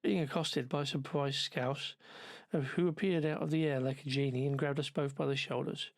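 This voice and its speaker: A man's voice: mid-range voice, fairly even intonation, moderate pace, no room sound. A man, ill with covid, narrating a travelogue in a dry, sardonic, wordy manner. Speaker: travel vlogger.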